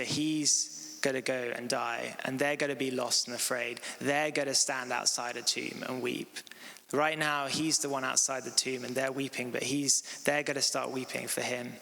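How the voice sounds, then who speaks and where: A man's voice: medium pitch, vocal fry, sharp tone. Casual male preacher in a reverberant hall. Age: 30s. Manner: casual, filler-heavy with frequent "like" and "um". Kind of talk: sermon. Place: church hall. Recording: long reverb of a church hall.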